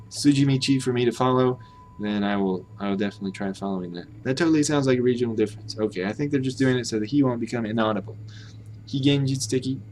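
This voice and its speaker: A man's voice: fairly low pitch, darkish tone, a little hiss or hum. American man musing aloud on stream. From United States. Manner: musing aloud, hesitant, self-correcting. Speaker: language-learning streamer. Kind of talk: casual live-stream commentary.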